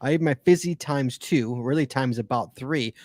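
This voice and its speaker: A man's voice: medium pitch, moderate pace, a little mellow, no room sound, studio quality. A man co-hosting a casual podcast, chatty and teasing as he reads listener emails aloud. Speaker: podcast co-host.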